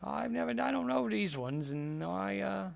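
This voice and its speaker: A man's voice: high-pitched, animated, measured pace, vocal fry, no echo, voice pushed up, heavily acted. A man, the game master, playing a boastful, crude male bagpiper who talks in a rambling, hesitant way. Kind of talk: tabletop role-play voice.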